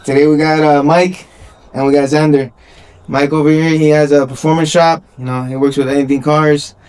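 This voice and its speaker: A man's voice: on the high side, level tone, a little fast, darkish tone, clear, resonant tone. A man hosting a casual podcast in a car garage, laid-back and calling everyone "bro". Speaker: podcast host. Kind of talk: casual chat.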